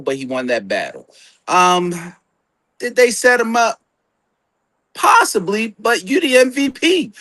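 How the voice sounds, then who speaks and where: A man's voice: fairly high pitch, a bit bright, dry recording. Blunt male sports talker, dry mic. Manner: blunt, emphatic, rhetorical questions. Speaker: sports talk show co-host. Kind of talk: casual sports talk.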